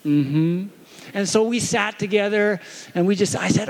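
A man in his thirties gives a sermon in a gentle storytelling way, pausing to ask his little daughter questions. His voice sits high for a man, and he keeps the tone warm and personal. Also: gravelly. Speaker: pastor.

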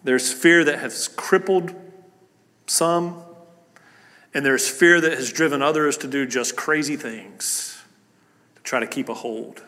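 A man's voice: on the high side, slow pace, pauses often, sharp tone. A man preaching as a pastor at a church service, starting with a prayer and then talking in an earnest, conversational way, with many fillers and restarts. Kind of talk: sermon with opening prayer. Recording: long church hall reverb.

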